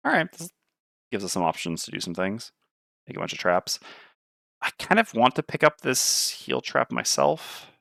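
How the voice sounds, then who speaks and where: A man's voice: mid-range voice, sing-song, normal speed, creaky, sharp tone, no room sound, clean studio sound. A man playing a tabletop board game on stream, thinking aloud and weighing his moves. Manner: muttering, weighing options aloud.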